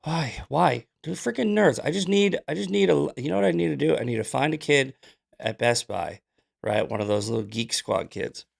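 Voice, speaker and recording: A man's voice: medium pitch, moderate pace, creaky. A man hosting a casual live-stream news commentary show, rambling and joking between points. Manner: loose, rambling, jokey asides while fixing tech.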